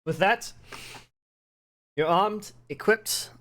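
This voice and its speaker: Rambling game master with hiccups. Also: male voice, sits high, drawn-out words, sharp tone. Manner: rambling, many fillers, laughs often. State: has the hiccups. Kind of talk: narrating a tabletop game stream.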